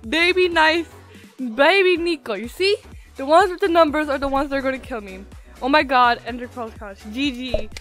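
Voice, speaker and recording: A woman's voice: high-pitched, a little fast, soft background music. A young woman giving casual gameplay commentary, hyper and giggly, slightly altered pronunciation from a retainer. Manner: hyper, giggly, excitable, swings between loud shrieks and muttering. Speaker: gaming YouTuber. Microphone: desktop mic, no face cam.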